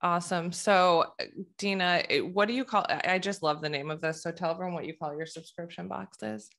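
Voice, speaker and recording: A woman's voice: on the low side, fairly even intonation, fairly quick, gravelly, a bit bright. A woman hosting an interview podcast, asking questions with eager, gushing enthusiasm. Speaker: podcast host.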